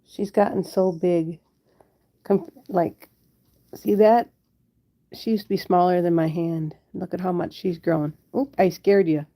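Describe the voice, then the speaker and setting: A woman's voice: lowish voice, fairly even intonation, measured pace, dark tone. A woman chatting casually on a live stream from home, giggling often and talking to her pets and viewers, into a handheld phone held close. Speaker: pet owner hosting a live stream. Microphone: handheld phone camera held close.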